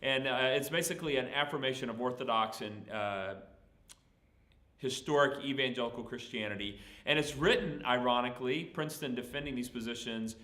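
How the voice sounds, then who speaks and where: A man with a gentle Southern accent answers questions as a pastor, in a folksy, plainspoken manner full of "uh"s. His voice sits at an ordinary pitch and carries an echo from the room. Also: fairly quick. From Texas, USA. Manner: folksy, plainspoken, frequent "uh" fillers. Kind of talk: sermon Q&A.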